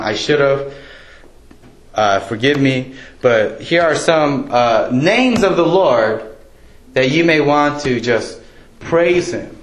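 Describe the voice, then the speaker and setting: Casual preaching man, echoey church. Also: on the high side. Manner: conversational, joking with the congregation. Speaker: pastor. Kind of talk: casual sermon. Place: church sanctuary. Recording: echoey church room, faint ambience.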